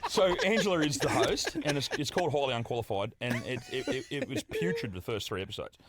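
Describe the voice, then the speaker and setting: A man's voice: medium pitch, huge pitch swings, fast talker, noisy background. An Australian man, a podcast guest, telling a story in casual chat, swearing freely and laughing through it.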